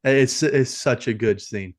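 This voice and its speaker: A man's voice: medium pitch, measured pace. A man co-hosting a film podcast, talking casually and rambling with many fillers and restarts. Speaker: podcast co-host.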